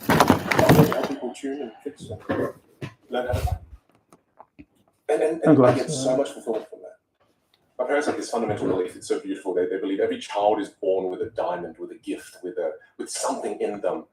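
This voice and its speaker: A young man with a lowish voice tells stories in an animated, dramatic way, acting out the people in them. He is a communication coach talking as a guest on a podcast. His voice sounds roomy and a little distant from the mic, with faint noise behind it. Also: brisk, a loud crowd. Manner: animated, dramatic storyteller who acts out voices. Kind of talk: storytelling in a podcast interview.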